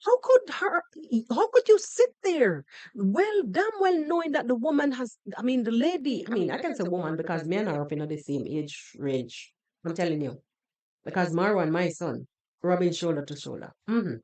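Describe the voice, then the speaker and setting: A woman's voice: mid-range voice, big pitch swings, normal speed, darkish tone. A Jamaican woman hosting a podcast, giving sarcastic, scolding reaction commentary on a video and slipping into patois. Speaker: podcast host.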